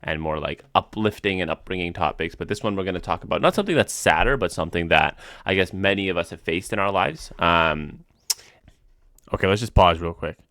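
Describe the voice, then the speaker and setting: A man's voice: deep voice, brisk, fairly bright tone, dry recording, studio quality. A man co-hosting a casual podcast, talking in a rambling way with lots of fillers. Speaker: podcast co-host.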